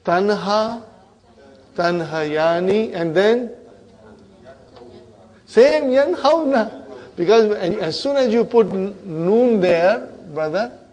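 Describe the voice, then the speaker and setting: A man's voice: high voice, lively intonation, takes it slowly, pauses often, darkish tone. A man teaching an Arabic grammar class, drilling verb forms aloud and checking on his students with "huh?" and "brother".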